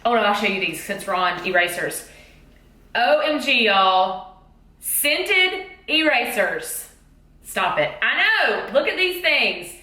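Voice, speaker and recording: In a casual haul vlog, a woman who is a teacher gushes over school supplies in a bubbly, exclamatory manner. She has a mid-range voice with a sharp tone and sounds very animated, though her pace is slow. Echo from the room is audible.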